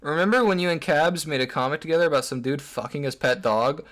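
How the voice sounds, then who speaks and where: A man's voice: a little high, fast, fairly bright tone. A man narrating an online commentary video in a sarcastic, crude way with lots of swearing.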